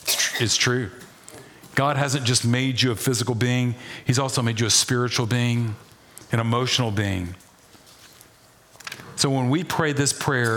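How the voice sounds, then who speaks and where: Animated preacher, a man delivering a sermon. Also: mid-range voice, normal speed, pauses often. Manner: animated, folksy preaching with asides and humor. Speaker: pastor.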